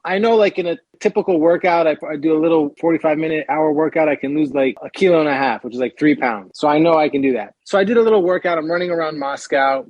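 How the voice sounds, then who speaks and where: A man guest on a podcast, telling a lively story and acting out other people's lines in raised voices. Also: fairly high pitch, fast, few pauses, no echo, highs cut off. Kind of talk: animated storytelling.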